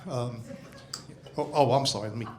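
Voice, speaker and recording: A man in his sixties doing a gruff, profane, self-mocking stand-up comedy set on a club stage. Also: medium pitch, moderate pace, noisy background. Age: 60s. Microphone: handheld stage mic. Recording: live club recording with crowd laughter. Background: audience laughing.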